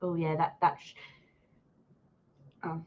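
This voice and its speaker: A woman hosting a live watch-along of a match, excitable and swearing as she heckles the players and the referee. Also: low voice, takes it slowly. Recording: dull lo-fi sound.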